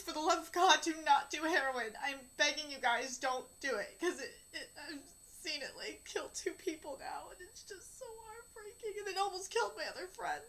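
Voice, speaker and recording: Woman, 30s, manga reaction host, reading dialogue aloud, high pitched, emotional and candid. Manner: emotional and candid, reads dialogue flatly between outbursts.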